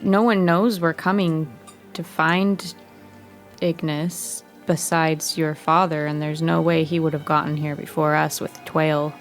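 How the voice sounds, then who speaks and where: A woman's voice: low voice, level tone, a little slow, faint music behind. A woman player at a tabletop game, talking casually and thinking aloud.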